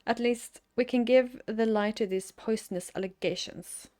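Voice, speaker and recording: Woman reading as a stern older lord, formal, measured, game dialogue, higher voice. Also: mellow, lightly acted. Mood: indignant.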